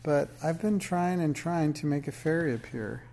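A man's voice: on the high side, normal speed, creaky, mellow, pitched above the performer's own voice. A man voicing Minx, an eager little witch girl.

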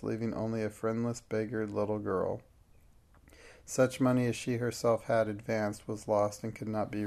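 In a fairly low-pitched voice, a male audiobook narrator delivers scripted narration of a classic novel at an even, measured pace.

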